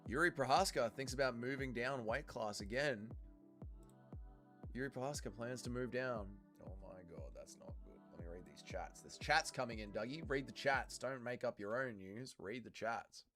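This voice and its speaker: Male streamer, fight watch-along commentary, swears a lot, shouts at fighters, bright sharp voice, faint music behind. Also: mid-range voice, moderate pace. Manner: excitable, profane, yells at the fighters. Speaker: livestream host.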